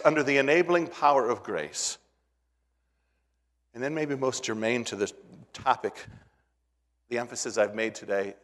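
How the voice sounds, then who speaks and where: A male pastor preaching a sermon to a congregation, moving between hushed, quiet phrases and loud, emphatic ones, often repeating words. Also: medium pitch. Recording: long reverb of a large hall.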